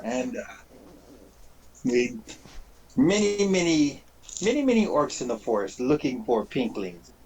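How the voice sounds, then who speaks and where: A sly little goblin rogue, put on by a man, speaking in clipped, broken phrases in a voice pitched above his own. He talks with a bit of a swagger. A faint hiss sits under the recording. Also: sing-song, a little slow, pauses often, a little mellow, poor audio.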